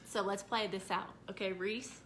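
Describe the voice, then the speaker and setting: Woman, co-host, casual chat, bright crisp voice, plays out scenarios, faint background noise. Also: medium pitch, fairly even intonation. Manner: plays out imagined scenes, slows down to narrate. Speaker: podcast co-host.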